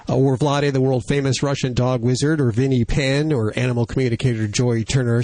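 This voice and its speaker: A man hosting a call-in radio show, slightly hoarse, brisk and jokey as he reads out phone numbers. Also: medium pitch, darkish tone, dry recording. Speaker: radio host.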